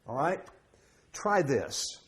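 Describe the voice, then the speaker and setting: A man's voice: fairly high pitch, sing-song, extremely slow. A middle-aged man preaching a sermon as pastor, conversational and humorous, with jokes and asides. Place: church sanctuary.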